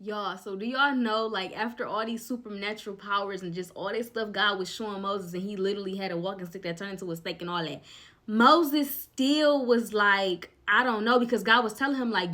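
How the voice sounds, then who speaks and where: A woman's voice: medium pitch, fairly quick, bright, forceful tone. A woman casually retelling a Bible story, chatty and slangy, full of "like" and "y'all".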